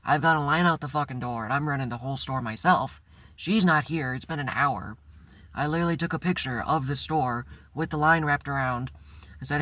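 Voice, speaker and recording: A man's voice: a little high, a little fast, pushed and bright, no echo. A man hosting his own channel, telling a personal story in a candid, blunt way and swearing freely. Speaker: channel host. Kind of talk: casual vlog storytelling.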